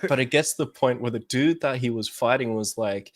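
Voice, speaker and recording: This is a man in casual podcast chat. His voice sits at an ordinary pitch, and his delivery is loose and profane. He often laughs through his own retelling. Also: fairly quick, few pauses. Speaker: podcast co-host.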